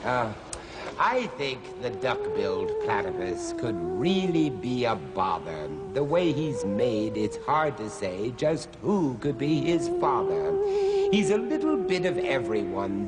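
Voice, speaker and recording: A man recites comic rhyming verse in a sing-song storytelling manner. His pitch leaps about and his pace is slow and deliberate. Loud music plays behind him in a reverberant space.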